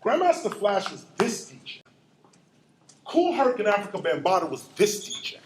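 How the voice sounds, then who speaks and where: A middle-aged man giving an animated storytelling lecture, acting out sounds and quotes. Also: high-pitched, moderate pace, noisy background. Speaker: hip hop lecturer.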